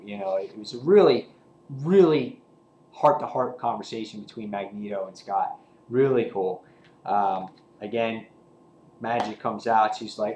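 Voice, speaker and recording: A man's voice: fairly low pitch, moderate pace. Guy gushing about a comic, rambles a lot with ums, roomy echo and a bit of hiss behind him. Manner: excited, rambling with many fillers. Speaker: comic book reviewer. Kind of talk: casual review chat.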